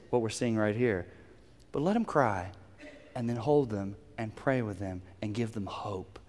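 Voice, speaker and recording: A man's voice: on the low side, expressive, moderate pace, darkish tone. Earnest male pastor in a reverberant hall. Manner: earnest, instructive, pleading. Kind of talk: sermon.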